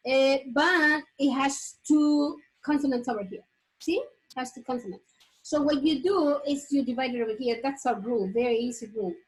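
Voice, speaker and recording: A woman with a high voice teaches an online English class. She explains step by step, repeating words and pausing on fillers. She is heard through a computer mic on a video call. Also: low-quality recording.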